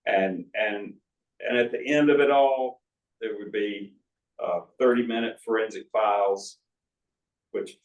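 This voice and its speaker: A man in his sixties, an author, telling folksy stories with asides to a live audience in an arts center auditorium. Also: lowish voice. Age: 60s. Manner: folksy anecdotal storytelling with asides. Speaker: author at a book talk. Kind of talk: storytelling talk to an audience. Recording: roomy hall audio from a distance.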